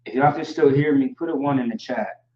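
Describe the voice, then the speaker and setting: A man teaching a livestream lesson, explaining slowly and deliberately with frequent fillers. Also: mid-range voice. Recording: distant, echoey and dull lo-fi audio.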